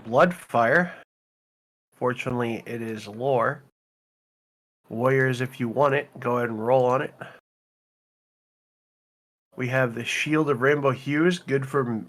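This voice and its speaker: A man running a game stream, talking loot and small talk in an easy, unhurried way. His pitch sits in a middling range, and he thinks out loud as he reads items off for the raid. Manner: relaxed, talks loot through aloud. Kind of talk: casual game-stream chat.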